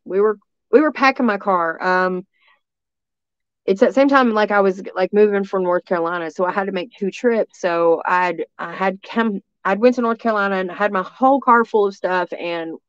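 A woman's voice: mid-range voice, normal speed, clean tone, dry recording, muffled recording. A woman from East Tennessee, telling a story as a guest in a rambling way, full of restarts and fillers. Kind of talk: casual storytelling.

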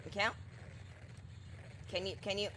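Bright-voiced woman streaming a game, slow talker, swears and yells at it a lot. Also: mid-range voice, flat delivery. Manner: exasperated, swearing, loud outbursts at the game. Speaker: gameplay streamer. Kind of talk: gameplay commentary.

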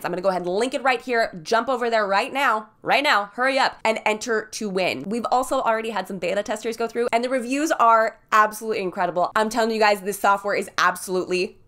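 A young woman hosting a wedding planning vlog, chatty and bubbly as she pitches a product. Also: fairly bright tone. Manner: bubbly, chatty, laughs often. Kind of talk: upbeat sponsored vlog pitch.

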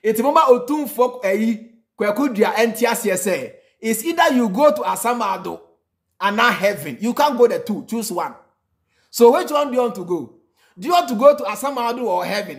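High-voiced Ghanaian man ranting emphatically. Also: lively intonation, a little fast. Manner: emphatic, mixing in snatches of singing and laughter, repeating lines for effect. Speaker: reaction video host. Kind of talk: animated reaction commentary.

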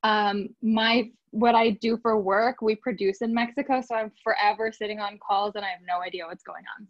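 A woman's voice: medium pitch, steady tone, moderate pace, few pauses. A woman from San Diego speaking as a guest on a video call, a little nervous, chatty and self-deprecating. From San Diego, California. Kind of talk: casual talk on a video call. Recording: dull lo-fi call audio.

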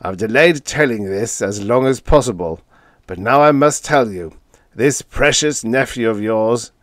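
A man voicing a gruff space captain, anxious, weary and hedging. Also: medium pitch, unhurried, no room sound, studio quality, voice pushed up, close to an everyday voice. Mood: stern.

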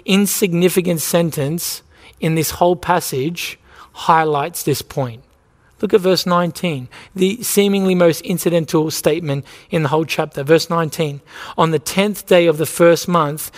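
Male preacher with a high voice, earnest, rhetorical delivery; church hall reverb. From Australia. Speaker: pastor. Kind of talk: sermon. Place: church sanctuary.

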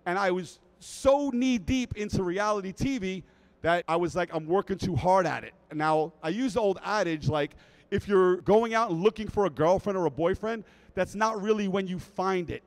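A middle-aged man telling a comic story to a live audience at a convention, animated and often checking in with "right?". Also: high-pitched, moderate pace, poor audio. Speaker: speaker at a fan convention.

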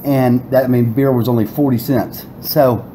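Middle-aged guest, rambling and laughing, mellow tone. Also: male voice, medium pitch, fairly even intonation, moderate pace, a little hiss or hum, low-quality recording. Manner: rambling, laughing storyteller with restarts. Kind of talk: casual storytelling.

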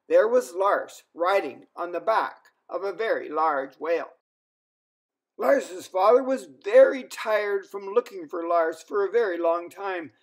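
A man reading a children's story aloud as a storyteller, in an expressive way. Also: high-pitched. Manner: slow, expressive.

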